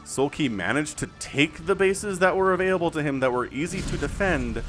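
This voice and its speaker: Excitable man casting a game. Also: on the high side, a little fast, few pauses. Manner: excitable, talks to viewers and players directly. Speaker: game commentator. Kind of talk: solo esports play-by-play commentary. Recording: music bed playing under the voice.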